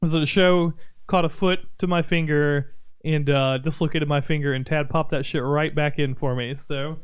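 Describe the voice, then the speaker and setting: Man, podcast host, casual chat, resonant clear voice, slightly high pitch, easygoing. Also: moderate pace. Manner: relaxed, addresses stream chat, laughs a lot.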